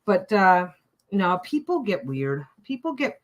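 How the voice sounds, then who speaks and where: A woman livestreams herself sewing and chats casually, ranting bluntly and swearing freely. Her voice is medium in pitch and very animated, her pace measured, and the audio is poor.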